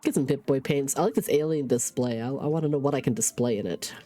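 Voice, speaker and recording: Casual game streamer, congested from a cold, chatty and self-narrating, soft music underneath. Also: mid-range voice, fast. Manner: chatty, talks through each in-game task aloud. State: stuffy nose from a cold. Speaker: livestreamer. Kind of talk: casual gaming stream chat.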